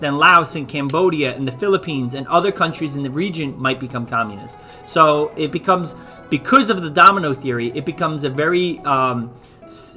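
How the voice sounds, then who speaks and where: A man's voice: a little high, pushed and bright. Chatty man teaching a casual lesson. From United States. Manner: chatty, loose and joking, with restarts. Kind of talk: casual virtual history lesson.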